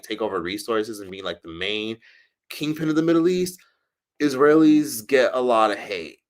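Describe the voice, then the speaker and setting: A man with an American accent chatting casually on a livestream, reading comments from his chat and answering them in a chatty, profane way with frequent laughs. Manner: chatty, profane, laughs often, mimics others in high voices. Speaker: streamer reading live chat. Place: indoors in Algeria.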